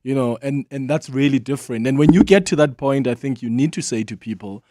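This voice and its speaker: A man's voice: mid-range voice, brisk, hardly any pauses, darkish tone, no echo, studio quality. A South African man hosting a call-in radio show, speaking in a conversational, engaged way. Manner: conversational, engaged, often laughing with callers. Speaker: radio talk show host. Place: radio studio. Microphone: studio microphone.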